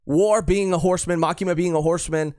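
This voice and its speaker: A man's voice: high-pitched, fairly even intonation, quick pace, darkish tone, dry recording, studio quality. A man co-hosting a podcast live stream, chatting casually and rambling with lots of fillers and repeated phrases. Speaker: podcast co-host.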